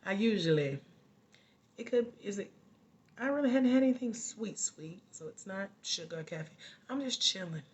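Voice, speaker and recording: A woman life coach hosts a relaxed live stream from her home. She talks casually and with animation straight to her viewers. She breaks into laughter often. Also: medium pitch, moderate pace.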